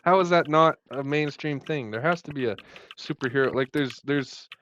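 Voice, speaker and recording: A man's voice: a little high, normal speed, fairly bright tone, lo-fi sound, slight background noise. A man co-hosting a casual podcast chat, playful and jokey, laughing often. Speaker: podcast co-host.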